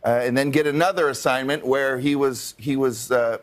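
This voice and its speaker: A man's voice: medium pitch, steady tone, moderate pace. Rambling, easygoing male TV guest. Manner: rambling storyteller, frequent restarts and fillers. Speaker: actor guest. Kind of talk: casual talk show interview. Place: television studio.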